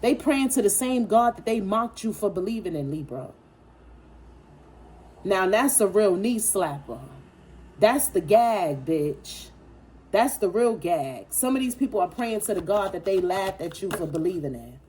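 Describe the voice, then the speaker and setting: A woman's voice: medium pitch, lively intonation, unhurried, a little mellow, breathy edge. A woman giving a casual spiritual tarot reading, speaking with emphatic, preachy force, blunt and profane, repeating phrases for effect. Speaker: tarot reader.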